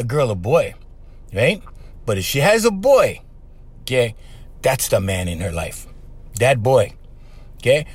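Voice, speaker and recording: A man's voice: on the high side, no room sound. A man, rambling casually as host and often laughing as he talks to listeners. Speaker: host, former radio voice performer.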